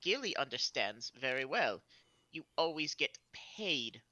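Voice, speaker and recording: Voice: medium pitch, unhurried, dull audio. A tabletop player voicing a haughty mercenary who refuses to work without pay. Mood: lecturing. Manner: lively, scornful, lectures the party. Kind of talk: in-character tabletop role-play.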